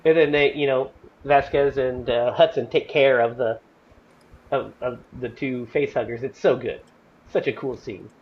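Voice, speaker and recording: A man hosting a podcast, chatting casually and excitedly about a film, rambling with lots of fillers. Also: medium pitch, moderate pace, muffled recording, slight background noise. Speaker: podcast host. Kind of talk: casual movie review chat.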